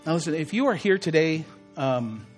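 Male pastor, high voice, animated conversational sermon delivery. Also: normal speed, music in the background. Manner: animated, swings from soft to emphatic. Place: church.

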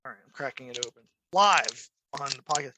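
A man's voice: mid-range voice, brisk, noisy background. A middle-aged man co-hosting a podcast in casual chat, telling stories and acting out quoted voices. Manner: animated storyteller, acts out quoted voices. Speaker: podcast co-host.

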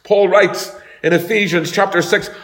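A man's voice: high voice, steady tone, moderate pace, fairly bright tone. A man preaching a sermon as pastor, talking in a conversational way and telling homely stories. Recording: echoey room.

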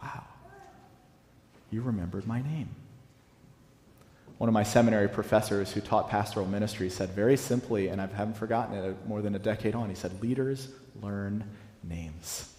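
A man in his thirties, a pastor giving a conversational sermon, repeating key phrases slowly for emphasis, in a church sanctuary. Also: on the low side, steady tone, darkish tone. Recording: echoey hall with long reverb.

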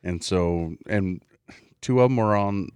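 A man's voice: low voice, a little slow, darkish tone, smooth, no echo. A middle-aged man from Oklahoma chatting casually as co-host, joking and earnest by turns. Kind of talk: casual chat.

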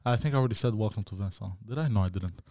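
A man's voice: fairly low pitch, racing, dark tone, no room sound, clean studio sound. A man hosting a podcast, telling a rambling, profane story in casual chat. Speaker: podcast host. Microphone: studio mic.

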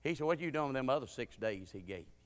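A man preaching a sermon with humorous stories, folksy and full of dialect, swinging from loud preaching to quiet asides. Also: mid-range voice, animated, quick pace. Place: church sanctuary. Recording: reverberant church sanctuary.

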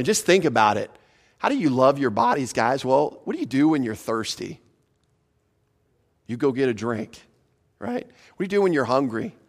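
A male pastor preaching a sermon in a conversational way, asking his listeners questions and slowing down to stress scripture. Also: mid-range voice. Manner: slows for emphasis on scripture.

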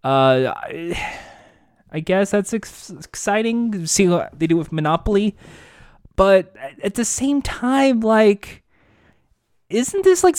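A sarcastic man rambles through the news in a fairly high voice, swearing freely as he riffs. The sound is dry and close, with no room around it. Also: darkish tone, clean tone, no echo. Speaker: podcast host. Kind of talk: casual commentary reading news.

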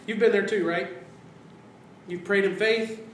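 A man preaching a sermon as pastor, animated, acting out quoted voices and dropping to hushed tones. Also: high-pitched, a little slow, slight background noise. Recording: roomy sound from a distance.

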